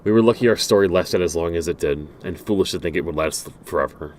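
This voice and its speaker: A man's voice: low voice, fast talker, a little mellow, a little hiss or hum. A man playing through a game, reading its letters and messages aloud with frequent stumbles, restarts and dry asides. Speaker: game streamer.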